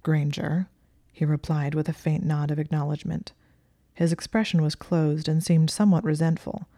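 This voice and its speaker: Low-voiced woman reading a story. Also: steady tone, fairly quick, warm tone, dry recording, studio quality. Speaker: audiobook reader. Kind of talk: reading fan fiction aloud.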